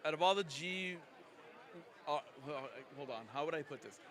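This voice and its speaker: A man's voice: a little high, moderate pace, a bit bright. A man interviewing guests at a convention, rambling loosely and laughing often. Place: convention lounge.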